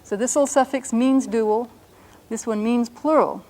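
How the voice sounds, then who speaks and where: A woman's voice: fairly high pitch, dark tone. Patient woman teaching a language lesson. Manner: patient, explanatory, slows down to sound out words.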